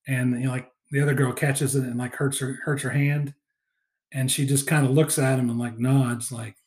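A man's voice: mid-range voice, flat delivery, moderate pace, a little mellow. A man chatting casually on a podcast, recapping a movie with lots of fillers and acted-out quotes. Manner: rambling, many fillers, acts out quoted lines. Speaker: podcast co-host.

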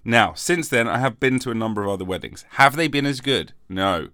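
A man's voice: mid-range voice, a little fast, bright, forceful tone, dry recording, studio quality. A man hosting a comic solo podcast, rambling and mock-defensive, with a lingering cough after covid. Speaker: podcast host.

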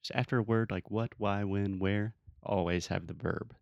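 A man's voice: on the low side, steady tone, normal speed, creaky, clean tone, dry recording, highs cut off. A man from the United States hosting a casual show, correcting his guest's English with patient explanations and joking asides. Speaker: English teacher and podcast host. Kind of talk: casual teaching chat.

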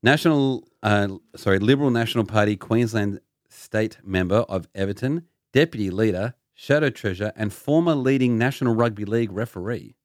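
A man's voice: fairly low pitch, normal speed, dry recording, studio quality. A man hosting a casual podcast chat, playfully quizzing his co-hosts. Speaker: podcast host.

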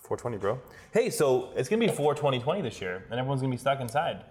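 A man's voice: medium pitch, big pitch swings, quick pace, a little mellow, big-room sound. A man co-hosting a casual chat, rambling with lots of fillers and swearing. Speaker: podcast co-host.

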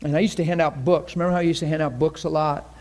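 A man teaching a class on faith healing in a lively, conversational way, often acting out what people say and pray. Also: fairly high pitch, very fast. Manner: animated, acts out quoted prayers and voices. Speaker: ministry teacher.

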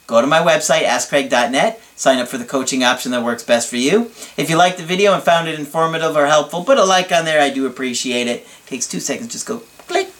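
A male relationship coach talks straight to the camera in an advice video. His voice sits at a middle pitch. He is blunt and emphatic, stacks up harsh words for emphasis, and breaks into playful asides. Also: fairly bright tone. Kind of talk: advice video reading and answering a viewer's letter.

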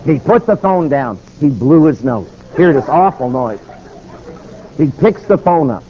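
A man's voice: fairly high pitch, wildly swooping pitch. A man preaching through a story, dramatic and acting out each exchange with sudden shifts of voice. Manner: dramatic, acts out dialogue with quick voice shifts. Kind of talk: animated sermon storytelling. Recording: dull, slightly lo-fi with faint noise.

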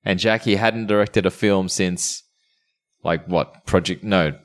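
A man's voice: low voice, steady tone, a little slow. A man hosting a casual podcast, joking and bantering crudely with his co-hosts. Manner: jokey, playfully crude banter. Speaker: podcast host.

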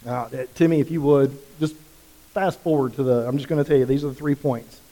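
A man preaching a sermon as pastor, with passionate emphasis that swings from quiet to loud. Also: medium pitch, steady tone, a little fast. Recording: long reverb of a large hall.

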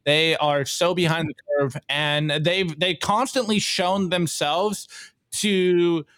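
A man's voice: fairly high pitch, fairly even intonation, slow pace, a bit bright, no room sound. A man co-hosting a podcast who rambles emphatically through a casual opinion chat, with plenty of fillers and laughs. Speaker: podcast co-host.

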